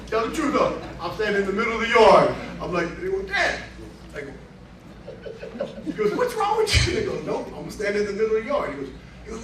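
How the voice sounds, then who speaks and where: A man telling a lively story at a reunion event, acting out the voices of the people in it and laughing along. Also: sits high, background noise. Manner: animated, laughing storyteller who acts out quotes. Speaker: honoree giving a speech. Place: banquet room with crowd. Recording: roomy hall, far from the mic. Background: crowd murmur and laughter.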